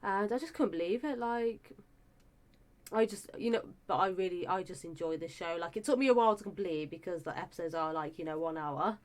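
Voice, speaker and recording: A woman's voice: lowish voice, brisk. A young woman chatting casually and enthusiastically about a show she reviews, with lots of fillers and restarts.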